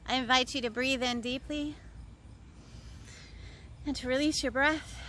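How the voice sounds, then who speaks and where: A woman pastor reads scripture and leads a spoken prayer in a high, bright voice. Her delivery is slow and earnest, and she returns again and again to repeated refrains. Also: steady tone, slight background noise.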